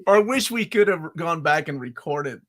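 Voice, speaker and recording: A man in his forties hosting a casual podcast chat, excitable and acting out his own reactions as he talks. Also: fairly high pitch, normal speed. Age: 40s. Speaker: podcast host.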